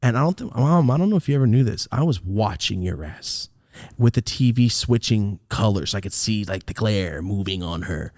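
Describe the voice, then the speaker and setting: A young man hosting a podcast, telling a story in a casual, profane, animated way and acting out the scenes, on a close mic. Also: fairly low pitch, moderate pace, no room sound. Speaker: podcast host.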